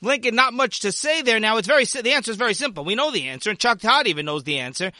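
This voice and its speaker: A man's voice: sits high, animated, racing, pushed and bright, dry recording. A man hosting a political commentary show, delivering an opinion monologue in an indignant, sarcastic manner with mocking asides.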